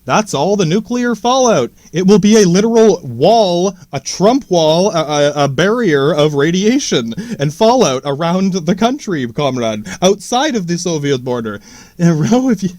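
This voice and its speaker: A man's voice: high-pitched, big pitch swings, a little slow, darkish tone, dry recording. A man podcasting in a casual, rambling monologue, swearing freely, trailing off and restarting his sentences. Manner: profane, stammering restarts, slangy.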